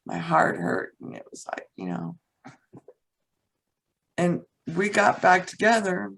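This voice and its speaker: A woman's voice: lowish voice, very animated, slow, creaky, low-quality recording. A woman guest, a teacher and author, telling a personal story in conversation in a blunt, frank way and swearing casually.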